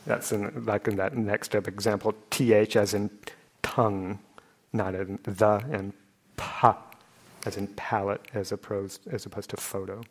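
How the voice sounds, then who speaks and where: A man's voice: fairly low pitch, little pitch movement, unhurried. Patient man teaching chant pronunciation. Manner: patient, loose, with fillers and chuckles, demonstrating sounds. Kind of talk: informal class explanation.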